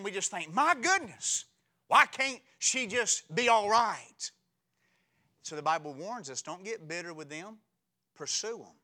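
A man in his forties preaching a sermon as pastor, telling humorous stories in a lively, conversational way. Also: fairly high pitch.

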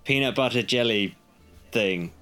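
A man's voice: medium pitch, measured pace, sharp tone, soft background music. A man from the UK co-hosting a casual podcast over a remote call, laid-back and self-deprecating. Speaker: podcast co-host. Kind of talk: casual chat.

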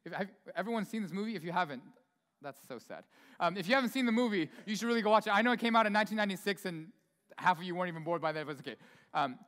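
High-voiced casual preacher in a reverberant church. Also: male voice, very fast, fairly bright tone. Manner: casual, chatty preaching with many asides. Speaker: pastor. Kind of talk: sermon. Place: church sanctuary. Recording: long hall reverb in a church.

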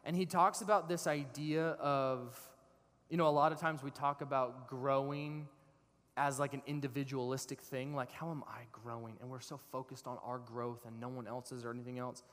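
A man in his thirties preaching a sermon to a congregation, switching into lively storytelling with voiced characters. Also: mid-range voice, moderate pace. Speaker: pastor. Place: church sanctuary. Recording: long reverb of a large hall.

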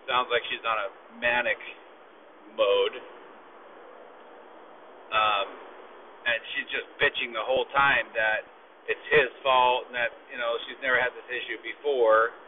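A man's voice: medium pitch, steady tone, unhurried, pauses often. A man casually telling a long story, rambling and complaining with plenty of profanity. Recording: phone-like lo-fi with faint noise.

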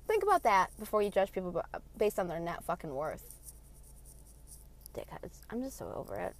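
A woman's voice: fairly low pitch, huge pitch swings, moderate pace. A woman in her late twenties ranting from her car, heated, blunt and full of swearing. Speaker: vlogger. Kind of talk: passionate rant.

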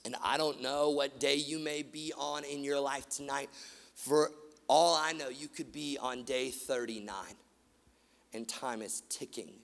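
A man preaching a sermon, animated, swinging from loud emphatic lines to quiet, hushed ones. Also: mid-range voice, a little slow, gravelly. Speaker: pastor. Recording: long hall reverb.

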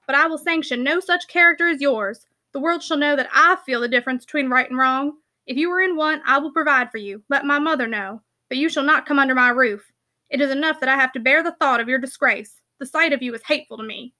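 A woman reading the lines of a stern, unforgiving young man in an audiobook, with a harsh, accusing delivery in her own high, bright voice. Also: fast. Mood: cold accusing. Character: stern older brother, cold and unforgiving.

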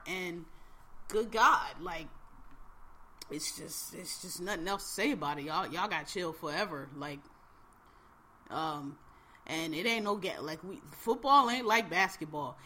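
A woman's voice: lowish voice, pushed and bright. A woman co-hosting a podcast, ranting casually and profanely in heated bursts. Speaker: podcast co-host. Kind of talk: casual chat.

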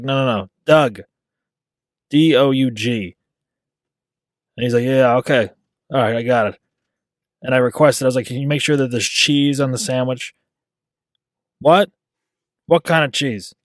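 A man's voice: mid-range voice, dry recording, studio quality. A man hosting a podcast, telling a rambling everyday story in a casual, self-deprecating way. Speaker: podcast host. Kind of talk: casual monologue.

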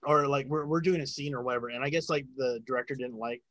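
A man's voice: medium pitch, fairly even intonation, fast talker, fairly bright tone, dry recording, lo-fi sound. A man in casual chat, telling a long story about working sound on a film set, with lots of filler words and swearing.

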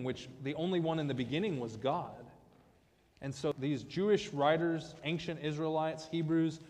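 A man's voice: a little high, a little mellow, in a large hall. A man preaching a conversational sermon with joking asides, as pastor of a church. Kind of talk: casual sermon. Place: church sanctuary.

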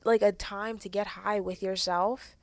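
A woman's voice: mid-range voice, steady tone, unhurried, no echo. A young woman hosting a podcast, giving frank, earnest advice in casual chat and swearing freely. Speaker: podcast host.

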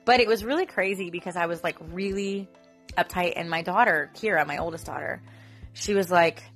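A woman's voice: on the low side, brisk, fairly bright tone, faint music behind. A woman in her thirties, a mother, telling a story in a casual, rambling vlog full of fillers. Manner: chatty, rambling, filler-heavy. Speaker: mother and Daisy troop leader.

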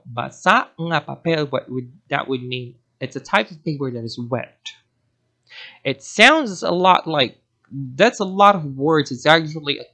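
A man's voice: on the high side, sharp tone. Man teaching, rambling explanations. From Philippines. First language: Cebuano. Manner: rambling and self-correcting, often digresses. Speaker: language teacher. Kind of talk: explanatory language lesson.

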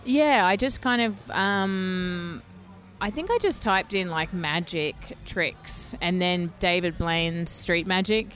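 A woman's voice: on the low side, takes it slowly, fairly bright tone. A woman in casual conversation as a guest, talking loosely with lots of fillers and restarts. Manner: chatty, lots of "like" and "you know". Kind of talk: casual podcast chat.

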